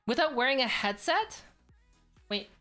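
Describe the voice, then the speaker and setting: Woman streamer, a touch high-pitched, rambling casual chat over faint background music. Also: sing-song, measured pace, a bit bright. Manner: rambling, filler-heavy, restarts often.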